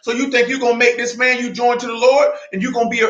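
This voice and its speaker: A high-pitched, bright-toned man preaching with fiery, confrontational street-talk energy. He reads scripture in a slower, lower voice. The sound rings in an echoey room. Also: lo-fi sound. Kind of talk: sermon.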